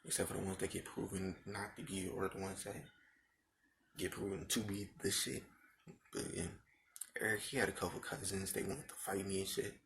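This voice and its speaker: A man's voice: sits low, little pitch movement, moderate pace, vocal fry, fairly bright tone, slight background noise. A young man telling a rambling, profane story about his school days in casual talk, repeating himself often.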